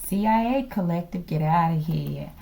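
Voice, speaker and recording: A woman gives a casual tarot reading with a mellow, fairly low voice. She speaks emphatically, leaning on her points and checking in with the audience again and again. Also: lively intonation, moderate pace, creaky. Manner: emphatic, keeps checking in with listeners. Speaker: tarot reader.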